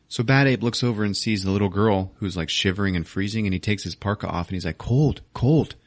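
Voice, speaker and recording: Low-voiced man recapping a movie, cursing. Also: fairly quick, long pauses, no echo. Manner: profane, animated retelling with goofy character voices. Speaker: podcast host.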